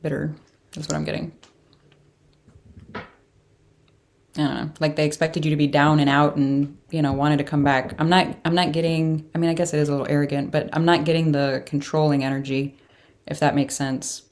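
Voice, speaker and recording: Female tarot reader, low voice, casual, reactive. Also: level tone, a little fast, pauses often, a little mellow. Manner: reacts aloud to cards with surprised exclamations and laughs.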